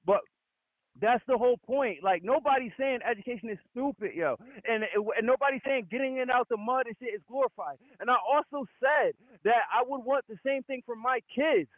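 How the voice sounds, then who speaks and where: A high-voiced man argues his point hard and won't let anyone cut in, cursing freely. His voice comes through a thin, phone-like line. The sound is dry and close. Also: brisk, dry recording. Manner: insistent, swears a lot, cuts off rebuttals. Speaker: boxing podcast co-host. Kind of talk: heated debate, profane.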